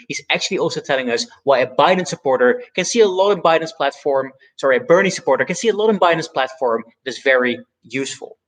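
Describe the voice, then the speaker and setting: A man's voice: a little high, low-quality recording. Man explaining speech techniques. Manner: explanatory, deliberately stresses key words. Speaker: debate educator. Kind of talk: instructional video analysis.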